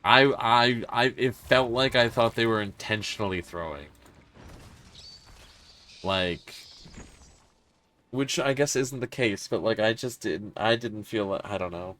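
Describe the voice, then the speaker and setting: A man's voice: fairly low pitch, a little slow, long pauses, a bit bright. A man streaming a horror game live, talking frankly and swearing as he mulls over a confusing match. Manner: frank, swearing, puzzled and self-critical. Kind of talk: casual gameplay commentary.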